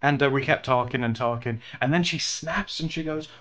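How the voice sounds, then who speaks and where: A man's voice: mid-range voice, brisk, fairly bright tone. A man streaming while he draws, chatting casually with viewers, thanking them and telling stories with plenty of laughter. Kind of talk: casual chat while drawing.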